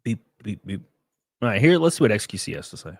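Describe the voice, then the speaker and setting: A man's voice: mid-range voice, rapid-fire, vocal fry, dry recording, clean studio sound. A man chatting casually on a live stream, rambling and joking as he reads chat and reacts to clips. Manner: rambling, joking, lively asides.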